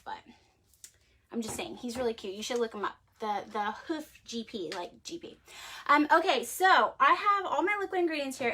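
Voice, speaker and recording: With a voice on the high side and a sharp tone, a woman running a handmade cosmetics show chats her way through a casual livestream. She rambles, leans heavily on "like," and laughs readily, with slight background noise behind her.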